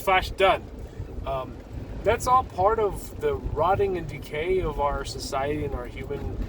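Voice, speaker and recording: A man with a slightly raised pitch speaks earnestly about his faith, urging listeners with rambling restarts and a casual vlogging tone. He is talking from inside a car, with a faint hum of the vehicle underneath. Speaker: Christian vlogger. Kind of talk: casual faith talk to camera.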